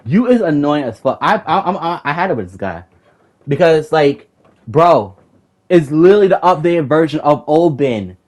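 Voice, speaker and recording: A young man with a slightly high voice tells a heated, rambling story and swears freely. He circles back and repeats himself when he gets worked up, in a loose, casual way. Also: expressive, moderate pace, a little mellow. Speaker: gamer recounting a raid group argument.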